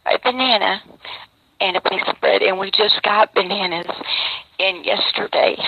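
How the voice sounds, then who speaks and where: A woman speaking slowly and wearily, close to tears, her mouth sore from missing teeth, talking in a live video from prison. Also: mid-range voice. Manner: slow, weary, close to tears. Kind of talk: emotional live video testimony. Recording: dull lo-fi phone video with faint noise.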